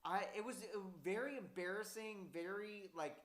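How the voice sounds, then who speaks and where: A young man tells a story in casual chat, rambling and cursing a lot, growing louder and laughing as he gets worked up. His voice is high, his speed normal, and the sound roomy.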